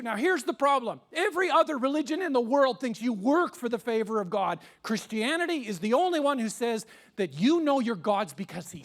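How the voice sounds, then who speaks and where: A man, preaching a sermon as pastor with animated, emphatic storytelling. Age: 50s. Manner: animated, emphatic storytelling with sudden rises in pitch and loudness.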